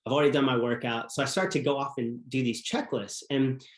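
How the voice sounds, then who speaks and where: A man's voice: mid-range voice, fairly even intonation, brisk. A man as a podcast guest, telling a personal story in an earnest, reflective way. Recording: roomy echo.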